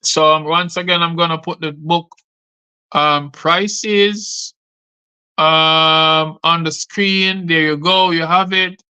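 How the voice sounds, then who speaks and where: Bright-voiced poet host. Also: male voice, fairly high pitch, fairly even intonation, slow pace, clear, resonant tone. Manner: rhythmic, rhyming delivery. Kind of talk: performance poetry recital.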